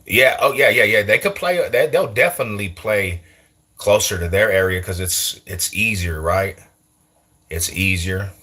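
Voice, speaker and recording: A man's voice: fairly low pitch, normal speed, bright, forceful tone, husky. A man in his forties from East Side Denver with a local street accent, chatting casually on a livestream in heavy slang, repeating himself and laughing often. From East Side Denver, Colorado. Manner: slangy, repetitive, laughs a lot between remarks. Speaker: YouTuber. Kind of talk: casual livestream chat answering comments.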